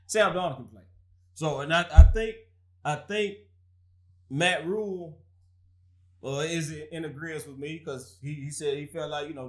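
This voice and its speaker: A man's voice: on the high side, dark tone. A man hosting a casual sports talk show, trash-talking rival fans with frequent laughter.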